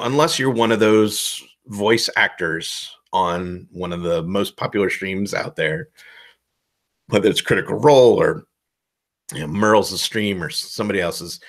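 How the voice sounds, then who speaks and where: A man giving casual advice as a game master, loose and self-deprecating, rambling with a relaxed tone. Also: on the low side. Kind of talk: casual instructional talk.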